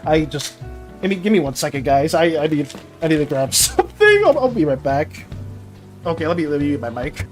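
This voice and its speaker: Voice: medium pitch, big pitch swings, a little fast, soft background music. A streamer chatting casually with viewers while drawing, stammering and repeating words, emotional and flustered.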